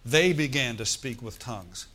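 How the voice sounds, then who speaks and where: A man's voice: mid-range voice, animated, normal speed, fairly bright tone. Man preaching a sermon, middle-aged, storytelling, calls for amens. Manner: storytelling, asks the congregation for responses.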